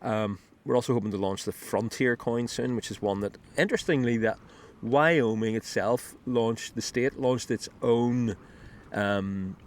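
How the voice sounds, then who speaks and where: A man's voice: medium pitch, unhurried. A man casually demoing an app he built, rambling with many ums and restarts, recorded outdoors on a beach with a clip-on mic. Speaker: app builder demoing his work. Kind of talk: casual screen demo talk. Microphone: wireless clip-on mic.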